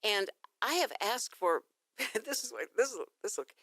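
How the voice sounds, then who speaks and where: A Texan woman hosting a local morning radio talk show, chatting casually to her listeners. Her pitch swoops widely as she acts out phone calls in an animated storytelling style. The studio sound is dry and close. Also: measured pace, husky, no room sound. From Texas.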